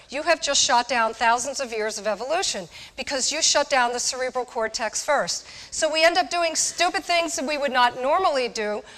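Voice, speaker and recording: Woman, high voice, speaker addressing students, direct and lively, echoey hall. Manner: lively, direct, asks the audience questions. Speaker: speaker on alcohol awareness. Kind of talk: live talk to college students.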